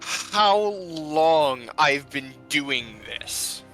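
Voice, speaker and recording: Slow, menacing male ice villain with a bright edge, as a game master puts him on. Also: a little high, lively intonation, soft background music, heavily acted. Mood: taunting. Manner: slow, taunting villain speech.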